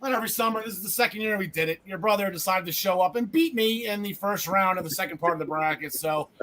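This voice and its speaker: A man hosting a wrestling podcast, chatting casually with jokes, rambling and swinging between loud bursts and mumbled asides. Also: high voice, quick pace, a little hiss or hum. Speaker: podcast host.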